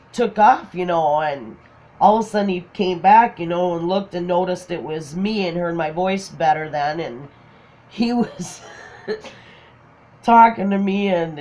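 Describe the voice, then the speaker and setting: A middle-aged grandmother tells family stories at an unhurried, easy pace. She laughs often as she talks and slips into little acted-out voices for the people in her tales. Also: lowish voice, a little mellow, slight background noise. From Minnesota, USA. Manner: laughs often, acts out quotes. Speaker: crafting channel host. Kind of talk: casual storytelling chat.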